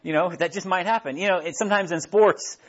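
Husky, higher-voiced male preacher. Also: fast talker. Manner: chatty, self-deprecating, asks the audience questions. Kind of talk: casual conversational sermon. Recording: dull lo-fi recording.

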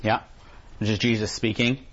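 A man teaching an informal Bible study. He reads scripture aloud slowly and deliberately, then talks loosely with his class in a church classroom. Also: fairly low pitch, level tone, a little hiss or hum. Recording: dull lo-fi recording.

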